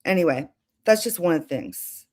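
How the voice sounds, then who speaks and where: Woman streamer, chatty and rambling, slightly low voice. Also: expressive, moderate pace, darkish tone. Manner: chatty, rambling with restarts and asides. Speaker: livestream host. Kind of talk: casual livestream talk.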